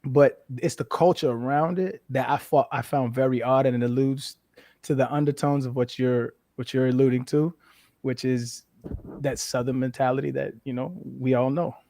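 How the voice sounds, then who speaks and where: A man in his thirties talks as an interview guest, frank and animated, and he swears freely. His voice sits at a middle pitch. The sound is dry and close to the mic. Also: normal speed, no echo. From New Mexico, US. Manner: frank, profane, animated storytelling. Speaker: interview guest, former football player. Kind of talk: casual interview chat.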